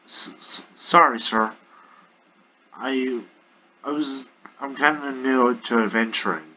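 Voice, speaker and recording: A jumpy young elf adventurer who stammers through every sentence, as a man plays him. His voice has a bright edge, and the lo-fi recording sounds dull. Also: mid-range voice, unhurried, a little hiss or hum. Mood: nervous. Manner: stuttering, nervous.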